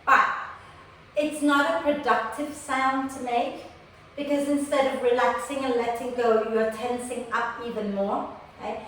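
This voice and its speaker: A woman teaching an online prenatal yoga class, guiding gently and tagging her cues with "okay?". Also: fairly high pitch, fairly even intonation, unhurried, very echoey, recorded from a distance, slight background noise, poor audio. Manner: gentle, tags nearly every instruction with "okay?". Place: room recorded for an online class.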